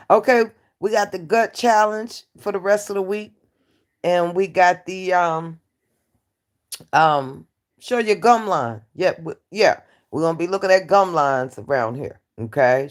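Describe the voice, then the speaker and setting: A woman hosting a live stream, chatting casually with her viewers in a brassy, joking way, laughing often and dropping from loud outbursts to low asides. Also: a little slow. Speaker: livestream host. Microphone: phone or computer mic on a livestream.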